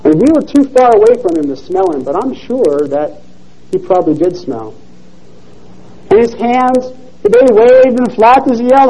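High, lively husky male preacher. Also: moderate pace, rough recording. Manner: earnest, expressive storytelling. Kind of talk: sermon with read-aloud story.

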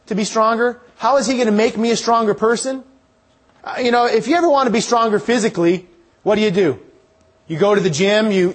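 Preacher, male, fairly high voice, earnest sermon delivery with many questions to the congregation. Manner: earnest, repeats rhetorical questions.

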